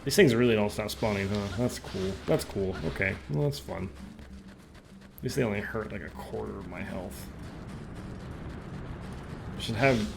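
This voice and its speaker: A man's voice: on the low side, normal speed, gravelly, pauses often, noisy background. A young man hosting a podcast, joking and reacting aloud while playing a video game. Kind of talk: casual gaming chat.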